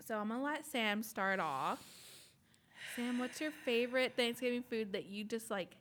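A young woman co-hosts a casual podcast, her voice sitting a little high. She talks in an animated, laughing way and swears freely. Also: moderate pace, slight background noise. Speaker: podcast co-host. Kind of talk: casual chat.

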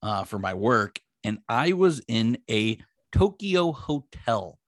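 A man's voice: mid-range voice, sing-song, slow, no room sound, clean studio sound. A man co-hosting a sports podcast, bantering and joking eagerly. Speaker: podcast co-host. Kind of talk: casual sports podcast chat.

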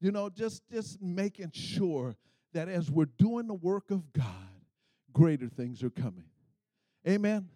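This unhurried, expressive sermon comes from a middle-aged man whose voice sits high. He works the crowd in call-and-response fashion, climbing steadily until he bursts into shouts. No echo colors the sound, which is close and dry.

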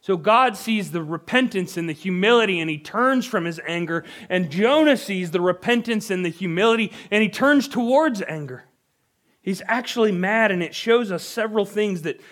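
Young male pastor, fairly high voice, earnest conversational preaching. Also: animated, moderate pace, fairly bright tone. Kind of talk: sermon.

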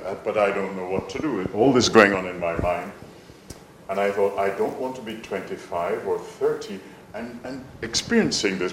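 A man from Jamaica, telling a personal story in a soft, musing way with some gentle self-mockery. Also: fairly low pitch, echoey room, slight background noise, low-quality recording.

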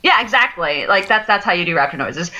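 A woman's voice: lowish voice, animated, fairly quick, a crowd in the background. A young adult woman co-hosting a podcast, chatting casually and telling stories with lots of fillers and laughter. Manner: chatty storyteller, laughs often, many "like" fillers. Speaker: podcast co-host. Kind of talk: casual chat.

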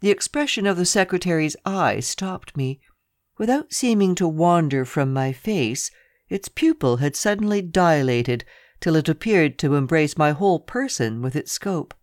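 An audiobook narrator reading a first-person story in a measured, even way. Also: medium pitch, dry recording, studio quality.

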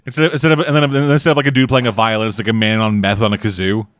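A man's voice: lowish voice, flat delivery, rapid-fire. Rambling, profane male podcast co-host. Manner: rambling, profane, laughs often. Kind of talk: casual chat.

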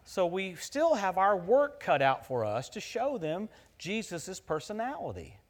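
Animated middle-aged male preacher. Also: sits high, measured pace. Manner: animated storytelling, rising loud at punchlines. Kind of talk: sermon with personal story.

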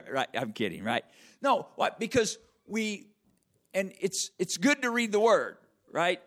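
A man preaching a conversational sermon, checking in with the audience with frequent questions and slowing right down to stress key words. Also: high voice, huge pitch swings. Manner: wide swings in loudness and emphasis, drawn-out slow words. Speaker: pastor.

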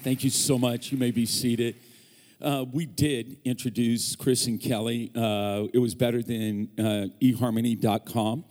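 A man's voice: mid-range voice, fairly even intonation, a little slow, a little mellow. Joking male preacher in a reverberant church. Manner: joking, teasing banter with the congregation. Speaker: guest preacher. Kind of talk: sermon. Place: church sanctuary. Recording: long church hall reverb.

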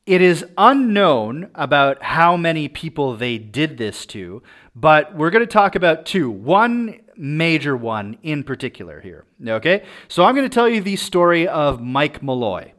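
A man's voice: fairly high pitch, sing-song, measured pace, a bit bright. A man hosting a podcast, telling a true-crime story in a casual, chatty way and often checking in with "right?".

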